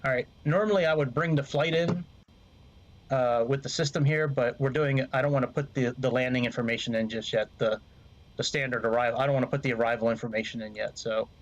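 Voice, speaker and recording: A man's voice: medium pitch, steady tone, brisk, dull audio. A man streaming a flight sim, rambling and swearing freely as he talks to his chat. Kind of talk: casual gameplay commentary.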